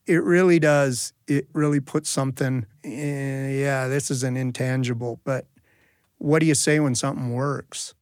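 A man's voice: mid-range voice, steady tone, moderate pace, a little mellow, clean tone. A man telling folksy, reflective stories to an audience with comic timing. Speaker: storyteller and guest. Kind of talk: storytelling for an audience.

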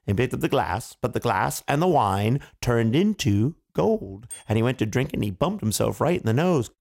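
Male family storyteller, playful asides, gravelly, very lively pitch, slightly high. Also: normal speed, few pauses. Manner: playful, chuckling asides to kids.

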